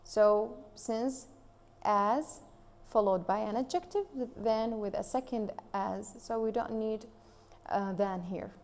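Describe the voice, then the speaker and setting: A woman with an Iraqi Arabic accent teaching English grammar in a recorded online lesson, reading example sentences slowly and deliberately. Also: on the high side, darkish tone, big-room sound.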